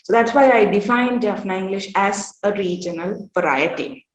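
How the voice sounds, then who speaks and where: A woman giving an academic workshop presentation at a conference. She speaks in a measured way, often pausing on "uh" and "um". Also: mid-range voice, dull audio. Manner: measured, with frequent "uh" pauses. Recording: roomy echo.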